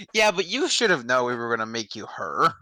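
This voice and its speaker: A man's voice: mid-range voice, sharp tone, no echo. A man chatting casually with friends while they voice a game, joking, swearing and laughing a lot. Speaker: streamer voicing a game.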